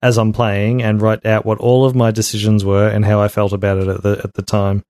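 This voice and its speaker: A man's voice: lowish voice, little pitch movement, a little fast, a little mellow, no room sound, clean studio sound. A man co-hosting a casual gaming podcast in a laid-back way, often giving short agreeing replies. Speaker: podcast co-host. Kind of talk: casual chat.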